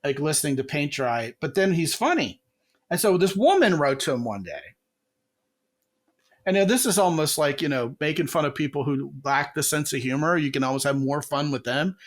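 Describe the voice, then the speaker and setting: A middle-aged man hosting a podcast as a comedy coach, telling stories in a lively way and jumping his pitch for quoted voices. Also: fairly quick. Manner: animated storyteller, jumps pitch for quoted voices. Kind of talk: casual podcast chat.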